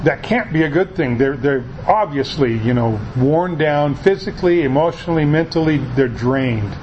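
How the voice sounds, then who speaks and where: A man giving a conversational sermon, talking in a folksy, halting way with frequent restarts. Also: fairly high pitch, lively intonation, lo-fi sound, a little hiss or hum. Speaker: preacher.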